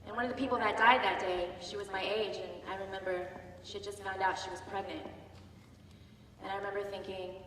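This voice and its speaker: A woman's voice: mid-range voice, fairly quick, echoey room, in a large hall, distant mic, background noise. A woman, a Navy veteran, recounting her service experiences on stage with candor, sometimes acting out what others said. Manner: candid, shifting between sober recollection and animated quoting. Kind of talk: staged personal storytelling. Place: theater stage, heard from the audience.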